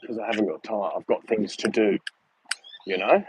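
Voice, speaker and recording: A man's voice: fairly low pitch, moderate pace, noisy background. Chatty man vlogging on a walk. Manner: chatty, rambling, laughs while telling stories. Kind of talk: casual walking vlog livestream. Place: outdoors, walking on a street.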